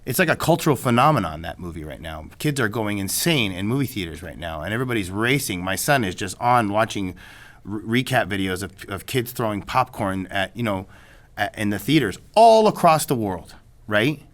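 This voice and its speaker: A man's voice: lowish voice, very animated, fairly quick. A man telling a story in a casual interview, rambling with many restarts and asides. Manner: rambling, many restarts and "you know what I mean". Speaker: filmmaker guest.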